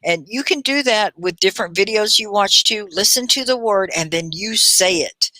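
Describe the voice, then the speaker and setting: Bright-voiced encouraging woman teacher. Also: mid-range voice, animated, no room sound. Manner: encouraging, praising learners by name; models words slowly, syllable by syllable. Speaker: ESL teacher and live-stream host. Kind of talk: live-stream English lesson.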